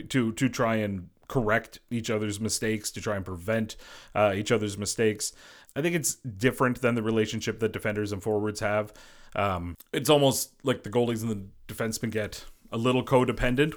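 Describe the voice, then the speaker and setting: A man hosting a casual solo sports podcast, a former goalie who rambles and fills his talk with "you know". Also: fairly low pitch. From Boston area. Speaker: podcast host.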